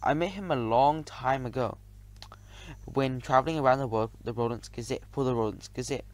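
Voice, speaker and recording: A man voicing a gruff, bossy old male mouse grandfather who booms his orders, in an audiobook. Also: moderate pace, lightly acted. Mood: boastful. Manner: booming, commanding. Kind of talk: audiobook character voice.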